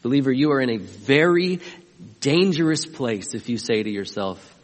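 A man's voice: medium pitch, animated, moderate pace, in a large hall. A man preaching a sermon as pastor, emphatic and often asking his listeners questions. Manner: emphatic, asks the congregation questions.

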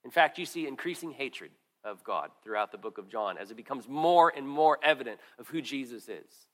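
A middle-aged man preaching a sermon, earnest and conversational, swinging from strong emphasis to quiet asides with frequent restarts. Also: medium pitch, expressive, a little fast. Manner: earnest, rises and falls in loudness, drops to quiet asides; conversational with restarts and repeated words. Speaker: pastor.

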